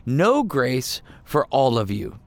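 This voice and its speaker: Exasperated Jesus figure, a man doing the voice, repeating himself over and over, raised pitch. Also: big pitch swings, takes it slowly, no echo. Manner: rising, indignant, repetitive ranting.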